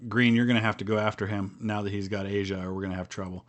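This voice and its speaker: A middle-aged man from Northeast Ohio, with a General American Midwestern accent, chats casually while streaming a strategy board game with viewers. He rambles with ums and restarts, talking fast in a lowish, steady voice over slight background noise.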